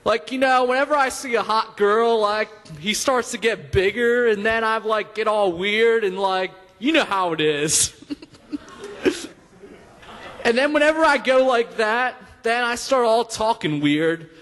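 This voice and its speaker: A man's voice: high voice, unhurried, fairly bright tone. A young man doing a stand-up comedy set on a stage, rambling through his jokes with many fillers and laughing at his own lines. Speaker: stand-up comic. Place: stage in a hall. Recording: long hall reverb.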